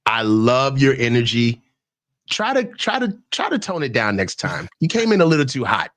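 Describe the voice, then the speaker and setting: A man hosting a sports call-in show, teasing callers with loud, profane hype talk. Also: mid-range voice, very animated, moderate pace. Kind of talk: casual call-in banter.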